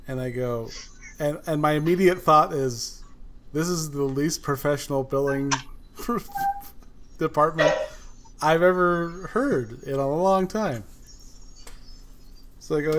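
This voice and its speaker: A man's voice: on the high side, very animated, takes it slowly, pauses often, fairly bright tone, a little hiss or hum. A man hosting a podcast, telling a story in casual chat and acting out both sides of a phone call. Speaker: podcast host.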